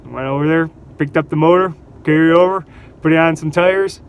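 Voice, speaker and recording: A man vlogging, telling casual stories in an animated way, laughing between anecdotes and acting out what people said. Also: on the high side, brisk, clean tone. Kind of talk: casual storytelling.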